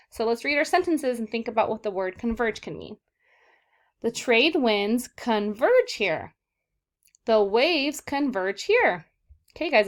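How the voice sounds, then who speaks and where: In southern California, a young female teacher with a medium-pitched voice runs an online vocabulary lesson for children. She's patient and encouraging, frequently checking in with "okay, guys?"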